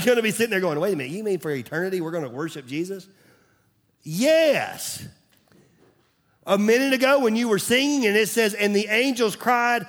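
A man's voice: sits high, fairly bright tone. A man, preaching a sermon as pastor in a conversational way, sometimes dropping to a near-whisper. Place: church stage.

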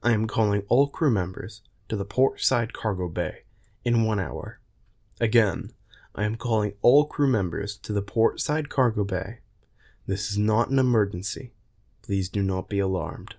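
A man reading the shipwide announcement of an elderly woman captain of a starship, calm and formal. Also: on the low side, moderate pace.

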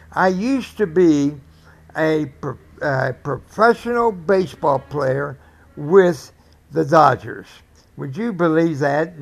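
Gravelly-voiced man in his eighties, rambling. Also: on the high side. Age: 80s. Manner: rambling, earnest, self-correcting. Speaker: podcast host. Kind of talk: casual storytelling monologue.

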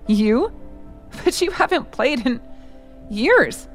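A woman's voice: sits high, sing-song, takes it slowly, pitched above the performer's own voice, heavily acted. A woman voicing a bossy young female music executive who shrieks and sneers. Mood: angry. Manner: shrieking, scornful.

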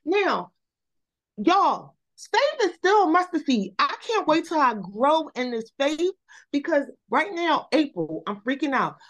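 A woman guest on a podcast, telling her story in casual chat with animated energy, repeating words and saying "y'all". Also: sits high, unhurried.

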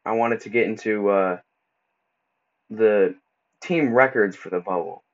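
A man hosting a casual solo podcast, talking loosely and stumbling over words as he goes, with relaxed slang. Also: on the low side, a little slow. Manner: casual, stumbles and restarts often; laid-back slang like bro and dude. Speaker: podcast host. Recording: dull lo-fi recording.

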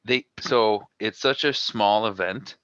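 A man's voice: on the low side, slow, a bit bright, no echo, highs cut off. A man co-hosting a casual podcast over a video call, laid-back and teasing. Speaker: podcast co-host. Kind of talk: casual chat. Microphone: home mic on a video call.

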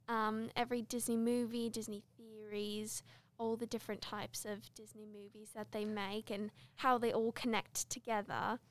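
A woman's voice: a little high, natural voice. A teenage girl putting on an Australian accent for a playful podcast persona, chatting about Disney. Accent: Australian (put on). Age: teens. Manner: playful, chatty, mock-serious. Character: put-on Australian version of herself, a Disney-loving teen girl.

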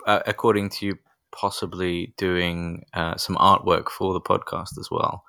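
Podcast co-host: a man with a low, bright-edged voice and a dry, measured wit. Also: little pitch movement, smooth, no room sound. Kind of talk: casual podcast chat.

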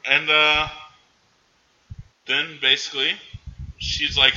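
A man casually recapping a movie in animated chat, jumping into the characters' voices now and then. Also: medium pitch, lo-fi sound. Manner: animated, acts out characters in quick bursts.

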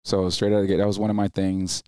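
A man's voice: low voice, quick pace, no room sound, clean studio sound. A man in his thirties, a military veteran guest, telling stories in a casual interview and acting out the people he quotes. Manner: animated, acts out quoted people in raised voices. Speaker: podcast guest, Marine veteran.

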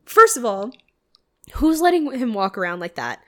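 Animated young woman chatting about a movie. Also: fairly high pitch, moderate pace. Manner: animated, swearing, mimics characters in silly voices. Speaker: podcast co-host. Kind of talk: casual chat reviewing a movie.

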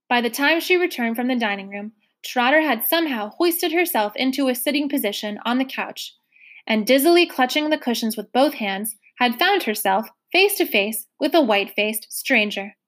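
A woman reads a children's novel aloud, with a voice a little higher than most women. Her storytelling is even and clear, easy to follow along. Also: normal speed. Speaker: story reader.

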